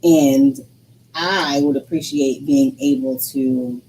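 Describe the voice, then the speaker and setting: A woman co-hosting a relaxed couple's talk show, making her case in an earnest, emphatic way. Her voice is low and mellow. A faint hum sits behind her. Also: slow pace, vocal fry, poor audio. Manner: earnest and emphatic, speaking frankly about her feelings. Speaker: co-host. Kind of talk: casual couple debate.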